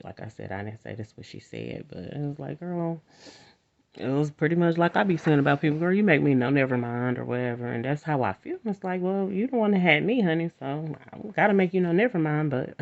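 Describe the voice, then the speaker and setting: A woman with a gravelly, fry-edged voice talks in a rambling, frank, casual monologue and laughs often. The recording is dull and lo-fi. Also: extremely low pitch, a little mellow.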